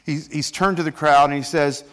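A man's voice: a little high, normal speed. A man preaching a sermon in a church, acting out scripture quotes as he goes. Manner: animated, acts out scripture quotes. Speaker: pastor.

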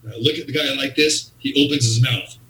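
A man's voice: medium pitch, brisk. A man, a wrestling promoter, animatedly telling a story in an interview and acting out the people in it. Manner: animated storyteller who acts out quotes. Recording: roomy sound, distant from the mic.

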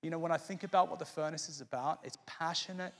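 A man's voice: a little high, steady tone, fast, slight background noise. Earnest preaching man in a reverberant hall. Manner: earnest, impassioned preaching with restarts. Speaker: pastor. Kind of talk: sermon.

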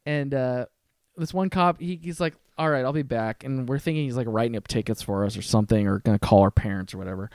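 Young male podcast guest, clear and smooth, lively storyteller who acts out voices, dry studio sound. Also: medium pitch, quick pace, no room sound. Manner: animated, acts out other people's lines in quotes. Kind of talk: casual storytelling.

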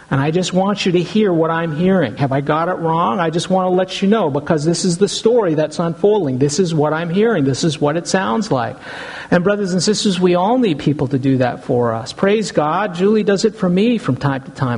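A man's voice: sits high, a little fast, a little mellow, slightly rough, rough recording. A middle-aged man, a pastor, preaching an earnest sermon and often addressing the congregation as brothers and sisters.

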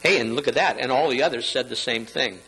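A man preaching a sermon, quoting scripture dramatically and leaping up in pitch when he quotes. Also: fast talker, pushed and bright, a little hiss or hum, low-quality recording. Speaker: pastor.

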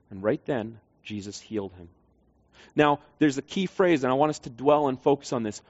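Male pastor, earnest and conversational sermon, mid-pitched, a touch lo-fi. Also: moderate pace. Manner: earnest, conversational, asks the congregation questions. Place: church. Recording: slightly dull, lo-fi sound.

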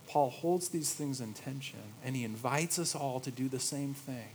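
A man in his thirties preaching a sermon, moving between quiet reverent passages and lively storytelling. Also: medium pitch, normal speed, few pauses, a little hiss or hum, low-quality recording. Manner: storytelling, swings from hushed awe to lively anecdote. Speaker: pastor.

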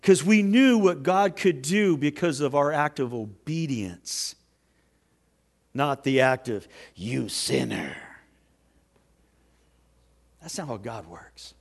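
A man preaching a sermon as pastor, swinging from soft, slow lines to loud, emphatic ones. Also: fairly high pitch, expressive.

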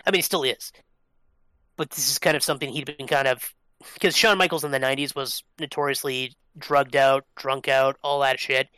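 A man's voice: mid-range voice, steady tone, normal speed, pushed and bright, clear, resonant tone, no echo. A man co-hosting a podcast, explaining things at length in a loose, casual way, with lots of fillers and the odd swear word. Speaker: podcast co-host. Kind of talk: casual chat.

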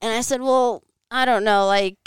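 A woman's voice: on the high side, fairly even intonation, normal speed, smooth, dry recording. A woman guest telling a personal story in casual conversation, candid and frank, with plenty of "like" and the odd curse. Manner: frank, profane, filler-heavy with frequent "like". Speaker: podcast guest. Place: home living room.

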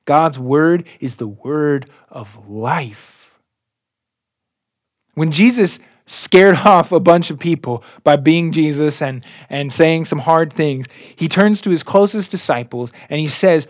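A man preaching a sermon as a pastor, in a slow and earnest way, his voice often dropping soft at the ends of phrases. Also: on the high side, no echo, studio quality.

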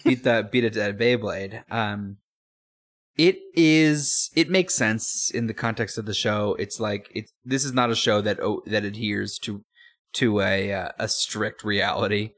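A man's voice: fairly low pitch, unhurried, a bit bright. Rambling, laughing man co-hosting a podcast. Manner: rambling, restarts often, laughs easily. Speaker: podcast co-host. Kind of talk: casual chat.

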